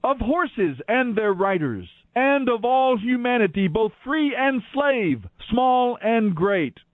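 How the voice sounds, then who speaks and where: A man voicing a mighty male angel who proclaims judgment in a loud, declaiming way, heard over tinny lo-fi radio audio. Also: very high voice, very animated, slow pace, dry recording, voice pushed up, full character voice. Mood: proclaiming.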